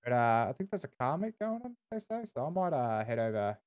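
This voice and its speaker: A man's voice: mid-range voice, big pitch swings, brisk, a little mellow, clear, resonant tone, muffled recording. An Australian man streaming casual in-character game roleplay, laid-back and swearing constantly, tagging "eh" onto his lines.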